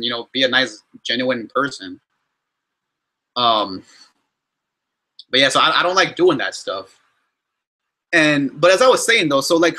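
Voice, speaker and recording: A young man hosting a casual question-and-answer vlog, talking in an animated, exasperated way with many restarts and fillers. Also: mid-range voice. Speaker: YouTuber answering fan questions.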